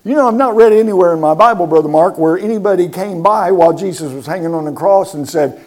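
A man's voice: high voice, fast, hardly any pauses, a little mellow. A man preaching a sermon, emphatic and repeating words for stress, asking the congregation questions.

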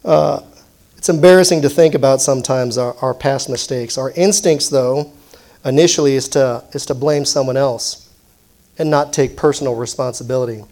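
A man's voice: medium pitch, normal speed, darkish tone. A man in his forties preaching a sermon in a conversational way, putting questions to the congregation and adding self-deprecating asides.

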